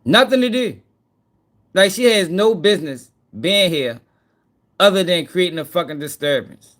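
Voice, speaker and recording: A man hosting a casual reaction commentary, profane and excitable, talking straight to his viewers. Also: high voice, normal speed. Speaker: news commentary host.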